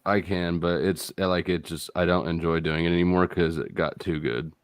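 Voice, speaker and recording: A man hosting a live stream in casual chat, making deadpan, swearing jokes. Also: deep voice, moderate pace, clear, resonant tone, no echo, studio quality.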